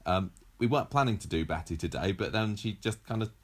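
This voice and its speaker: A man's voice: fairly low pitch, expressive, fast. A man co-hosting a podcast in casual, joking chat, reading facts from his notes. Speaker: podcast co-host.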